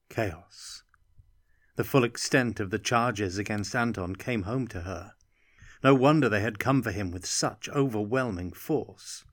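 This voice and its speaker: A male audiobook narrator with a lowish voice reads a fantasy novel in a measured, even storytelling style. The sound is clean studio audio with no echo.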